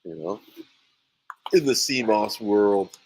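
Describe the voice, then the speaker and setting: Animated man telling a story on a podcast. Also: lowish voice, takes it slowly, breathy edge, poor audio. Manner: animated storyteller, voices quotes loudly, laughs often. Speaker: sea moss farmer and podcast host. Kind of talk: casual storytelling chat.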